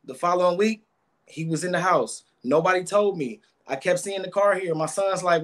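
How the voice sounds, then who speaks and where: A man's voice: high-pitched, normal speed. A man guest giving emotional, rambling interview answers, often repeating words.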